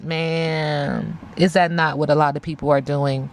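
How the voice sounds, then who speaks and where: A woman's voice: low-pitched, steady tone, unhurried, vocal fry. Emphatic woman giving a tarot reading. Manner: emphatic, talks to spirit aloud, repeats phrases. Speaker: tarot reader. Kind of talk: casual spiritual tarot reading.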